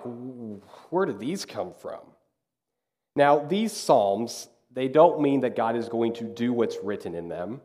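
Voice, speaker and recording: A man in his thirties, a pastor giving a sermon in an animated, conversational storytelling way. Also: medium pitch.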